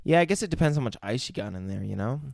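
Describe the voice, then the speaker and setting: A man's voice: medium pitch, expressive, very fast, creaky, darkish tone, dry recording, studio quality. A man co-hosting a casual movie review podcast, retelling scenes loosely, swearing freely and putting on voices for the characters. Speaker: podcast co-host.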